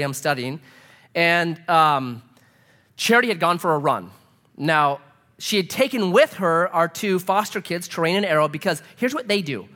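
Animated high-voiced male pastor. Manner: animated storyteller, acts out voices. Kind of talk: sermon with personal stories.

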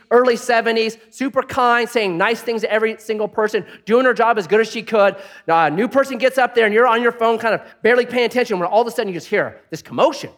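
A male pastor giving a sermon, telling stories with humor and dropping soft for prayerful points. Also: sits high. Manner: animated storytelling with jokes.

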